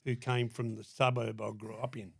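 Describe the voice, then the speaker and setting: A man's voice: mid-range voice, level tone, normal speed, gravelly, slightly rough. An older man with an Australian accent from Sydney, telling stories as a podcast guest in a blunt, heavily profane way. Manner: blunt, heavy swearing, acts out quoted dialogue. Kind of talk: casual storytelling.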